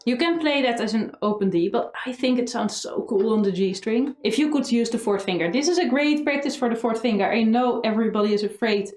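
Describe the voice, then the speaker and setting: A woman's voice: fairly high pitch, a little mellow. Upbeat woman violin teacher, echoey room. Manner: chants practice rhythms slowly; playful, encouraging, teasing. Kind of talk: online music lesson. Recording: roomy echo, violin music behind.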